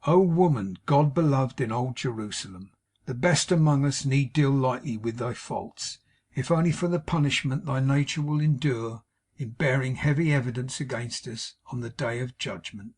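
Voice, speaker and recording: A man narrating a classic novel as an audiobook in a measured, solemn reading. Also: mid-range voice, a little mellow, husky.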